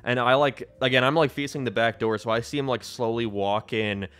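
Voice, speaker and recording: A man's voice: mid-range voice, brisk, a bit bright, smooth. A man co-hosting a podcast, telling a story in laid-back casual chat with lots of fillers. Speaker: podcast co-host.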